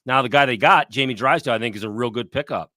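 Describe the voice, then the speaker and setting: A man talks sports on a podcast, blunt and salty, telling his stories with energy. His voice is bright and forceful, recorded close and dry with no room sound. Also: mid-range voice, fast, no echo. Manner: blunt, profane, animated storyteller. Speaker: podcast co-host. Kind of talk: casual sports talk.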